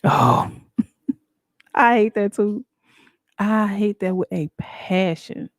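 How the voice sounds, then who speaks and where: A woman hosting a show, talking in a casual, animated and emphatic way with frequent laughs. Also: medium pitch, slow pace, dry recording. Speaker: show host. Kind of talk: casual talk-show monologue.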